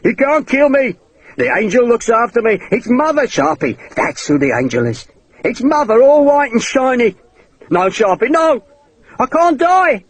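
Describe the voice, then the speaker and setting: A man's voice: extremely high pitch, very animated, unhurried, no room sound, voice pushed up, heavily acted. A man voicing a deranged soldier who shrieks and raves in terror. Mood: raving. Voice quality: shrieking, frantic. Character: raving deranged male soldier, terrified.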